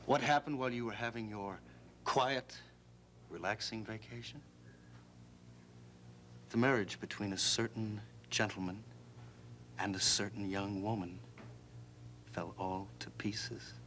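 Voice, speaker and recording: An actor playing a sly, taunting brother in a TV soap opera, speaking in a mocking, sugary, insinuating way. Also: male voice, fairly low pitch, slow, long pauses, fairly bright tone, a little hiss or hum. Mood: scheming. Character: sly, taunting brother who delights in gossip.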